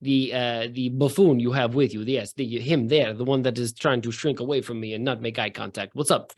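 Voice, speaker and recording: A man voicing a male mercenary swordsman with a thick Russian accent who speaks slowly in broken grammar. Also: mid-range voice, steady tone, pitched below the performer's own voice, lightly acted. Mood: accusing. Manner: slow, heavy, deliberate speech in broken grammar.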